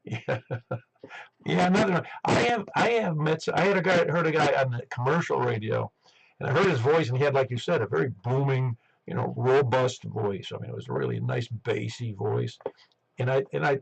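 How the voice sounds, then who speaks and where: A man's voice: mid-range voice, animated, moderate pace, creaky, husky, rough recording. A man hosting a ham radio net on a headset, chatting casually and rambling with lots of restarts. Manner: rambling, chatty, self-interrupting.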